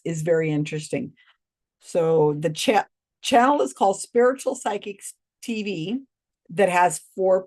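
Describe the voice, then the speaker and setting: Woman doing a reaction commentary, lowish voice, casual, kinda skeptical. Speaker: reaction channel host. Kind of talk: commentary on a video.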